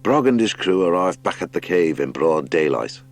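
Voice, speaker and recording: A man reading a children's adventure audiobook as narrator, with expressive storytelling. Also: low-pitched, normal speed. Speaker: audiobook reader. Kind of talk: scripted narration.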